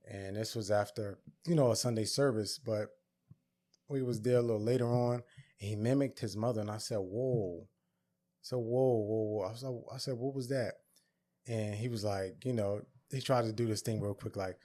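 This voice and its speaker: A man's voice: fairly low pitch, a little mellow. A man hosting a podcast, telling a personal story in an earnest, reflective way and acting out both sides of a conversation. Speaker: podcast host.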